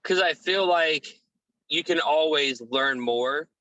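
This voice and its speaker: A middle-aged man speaking as a guest on a business podcast, measured and poised in a casual interview. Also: a little high, no echo, muffled recording. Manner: measured, poised, steady delivery.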